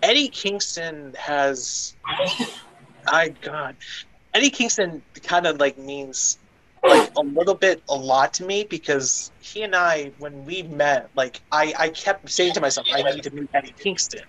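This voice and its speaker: Young male guest, slightly high voice, rambling storyteller full of fillers. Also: measured pace, background noise. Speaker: guest, aspiring wrestling broadcaster. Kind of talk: casual interview storytelling.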